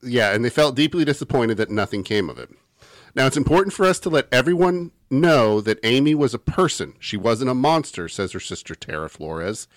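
A man's voice: mid-range voice, animated, a little fast, dry recording, studio quality. A man co-hosting a podcast, telling the story from his research and teasing his friends. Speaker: podcast co-host. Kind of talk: casual chat, reading out research.

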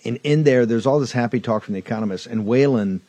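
A man's voice: mid-range voice, fast, warm tone, no echo. Man, talk show host, fiery, emphatic, repetitive, dry close sound. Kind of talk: political talk show commentary.

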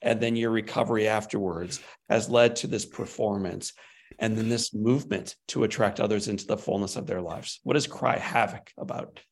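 A man's voice: on the low side, steady tone, moderate pace, husky. A man hosting an interview, asking earnest questions and reading figures from his notes. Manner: earnest, reads stats from notes. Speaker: interview host.

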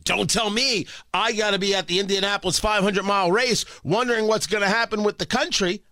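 A male talk radio host with a high, bright voice that leaps around in pitch. He's opinionated, sarcastic and jokey. The studio sound is dry and close. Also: fairly even intonation, a little fast, no echo.

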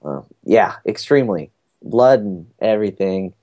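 Low, mellow-voiced man telling stories. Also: animated, moderate pace, highs cut off. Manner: rambling storyteller with many fillers. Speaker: podcast guest recounting a family cruise. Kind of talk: casual chat.

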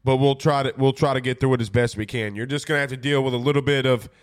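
A man's voice: medium pitch, steady tone, quick pace, clean tone. A man with a stuffy, congested voice, hosting a casual sports talk show and rambling through viewer comments. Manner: laid-back, rambling with fillers. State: congested from a cold. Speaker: podcast host.

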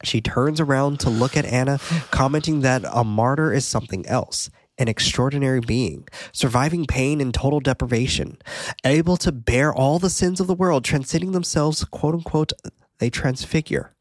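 A man's voice: mid-range voice, normal speed, no echo, clean studio sound. A man co-hosting a podcast, casually recapping a film's plot, laughing often and swearing. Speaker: podcast co-host. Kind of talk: casual film recap chat.

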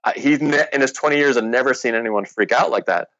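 A man's voice: medium pitch, fast talker, fairly bright tone, no echo, highs cut off. A man telling the story of the company he founded in a casual interview, rambling and full of fillers. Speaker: founder of a sports drink company.

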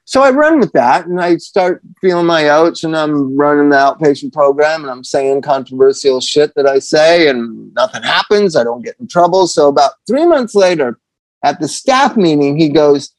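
A man telling a story in a casual interview, animated and profane, laughing often as he goes. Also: fairly high pitch, moderate pace, no echo. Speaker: addiction counselor guest.

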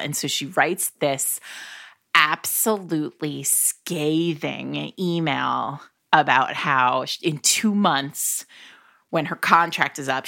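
A woman co-hosting a casual chat podcast, recommending books with quick, enthusiastic talk. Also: low voice, vocal fry, sharp tone, dry recording, studio quality. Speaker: podcast co-host. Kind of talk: casual chat about romance novels.

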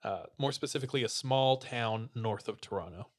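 A man at a mid-range pitch hosts a podcast and retells a listener's story to his friends. He keeps it casual and slangy, unhurried, like chatting around a table. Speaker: podcast host.

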